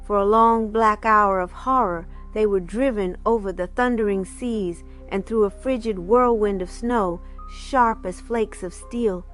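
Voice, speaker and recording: A woman reading a folk legend aloud in a measured, dramatic narrating voice. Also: medium pitch, steady tone, fairly bright tone, faint music behind. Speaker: storyteller.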